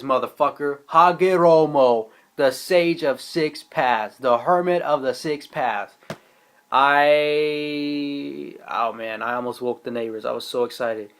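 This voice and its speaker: A young man casually reviewing a comic chapter in an excitable, slangy, profane way. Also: medium pitch, measured pace. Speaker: manga reviewer.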